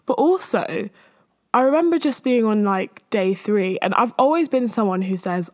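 A young woman talks on her own podcast in a loose, rambling way, full of fillers and little laughs. She sounds slightly out of breath as she chats at a middling pitch. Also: expressive, normal speed. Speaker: podcast host. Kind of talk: casual solo chat.

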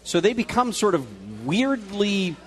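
A man's voice: high-pitched, a little slow. A male radio co-host talking live from a restaurant, retelling a news story in a loose, conversational way with fillers and restarts.

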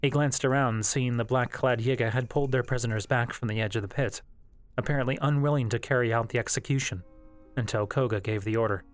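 A man narrating a fan novel as an audiobook in a steady, measured storytelling voice. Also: medium pitch. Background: faint background music.

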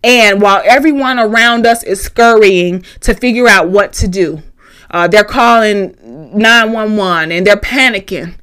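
A woman's voice: medium pitch, a little slow, fairly bright tone, smooth. A woman speaking on a podcast, giving an impassioned faith testimony, preacherly and direct, repeating key phrases, tearful at times.

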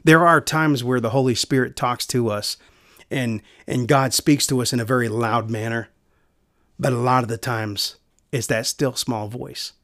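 A man preaching a sermon in an earnest way, repeating key phrases and going soft for quiet lines. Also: mid-range voice, steady tone, moderate pace, no echo, studio quality.

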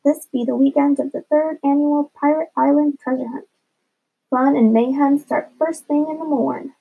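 Woman plays a scheming pirate captain in a storybook reading, jolly and drawling, high and gravelly, dull recording. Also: fairly even intonation. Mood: swaggering. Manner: pirate talk, slow drawl. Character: jolly scheming grown man pirate, gruff.

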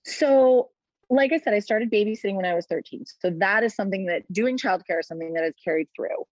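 A woman's voice: medium pitch, quick pace, darkish tone, no echo, highs cut off. A woman guest in a casual interview, talking in an earnest, chatty way, full of "like" and "you know". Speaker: interview guest, postpartum doula business founder.

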